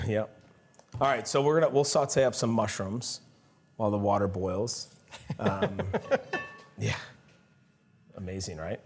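A man's voice: lowish voice, animated, a little slow, long pauses. A man, a chef, chatting casually while cooking in a demo kitchen, telling stories with frequent laughs and restarts.

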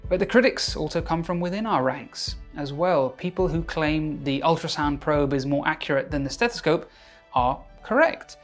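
A man's voice: on the high side, expressive, normal speed, soft background music. A man, a doctor, narrating a scripted educational video with wry, self-mocking asides.

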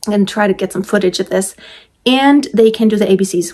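A woman's voice: medium pitch, fast, a little mellow. A woman talking casually to camera as a vlogger and mother of twins, chatty and rambling, often restarting and laughing.

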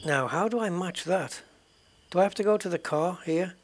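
A man talks over a game at a desk mic, often dropping to a mutter as he works things out. His voice sits a little high for a man. A faint insect hum lingers behind him. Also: moderate pace. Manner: quiet, muttering thoughts aloud. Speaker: gaming channel host. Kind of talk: let's play commentary.

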